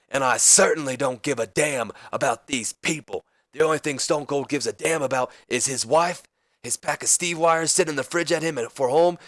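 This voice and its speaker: A man voicing a gruff, defiant male wrestling champion who dismissively brushes off a challenger. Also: medium pitch, a bit bright, no echo, clean studio sound, lightly acted.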